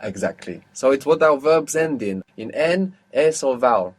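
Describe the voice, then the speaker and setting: A man teaching an audio language lesson, patiently asking questions and repeating words slowly. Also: mid-range voice, expressive.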